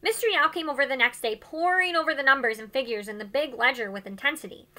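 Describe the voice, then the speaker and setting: A woman teacher reading chapters of a novel aloud to her students with expressive, dramatic delivery. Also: high voice, fast talker.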